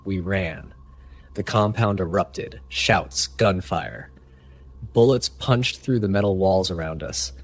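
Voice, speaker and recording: A man giving grave, measured first-person narration of a horror story. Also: deep voice.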